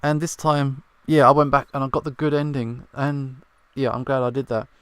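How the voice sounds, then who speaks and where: A man's voice: mid-range voice, little pitch movement, moderate pace, fairly bright tone, smooth, dry recording. Laid-back man narrating his gameplay. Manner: laid-back, chatty asides. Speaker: let's play host. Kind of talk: gameplay commentary.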